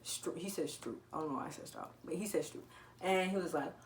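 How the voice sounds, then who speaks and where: Teen girl, low voice, animated casual storytime vlog, echoey room. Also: brisk, distant mic, slight background noise. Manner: animated, laughing, swearing, acting out quotes. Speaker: vlogger telling a story. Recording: echoey room with faint ambience.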